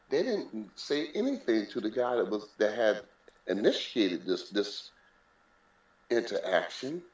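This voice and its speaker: A man speaking as an interview guest about his life, telling it candidly and with emphasis, often repeating key phrases. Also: fairly low pitch. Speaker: interview guest, boxing figure. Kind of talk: candid personal storytelling. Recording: roomy, dull lo-fi sound.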